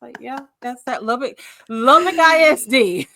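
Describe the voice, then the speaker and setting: Woman, fairly high voice, bright forceful tone, blunt sarcastic swearing chat. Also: animated, unhurried. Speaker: guest co-host. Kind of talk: casual chat recapping a show.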